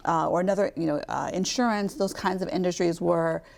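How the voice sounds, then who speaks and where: A woman in her fifties from Kentucky with a light Southern drawl, speaking as a guest in a TV studio interview in a measured, reflective way. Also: on the low side, steady tone, creaky, darkish tone. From Louisville, Kentucky. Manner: measured, reflective, with frequent "um" pauses. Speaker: guest, nonprofit chief executive.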